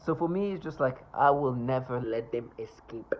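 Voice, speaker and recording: Scornful man ranting, dull lo-fi sound. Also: medium pitch. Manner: scornful, insulting, sarcastic; halting, with many restarts and asides. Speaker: vlogger. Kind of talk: rambling personal monologue.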